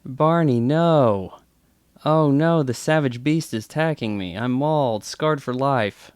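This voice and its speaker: A man's voice: medium pitch, unhurried, darkish tone, clear, resonant tone, dry recording, clean studio sound, lightly acted. A man voicing a greedy, mean older woman in an over-the-top mock delivery. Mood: sneering.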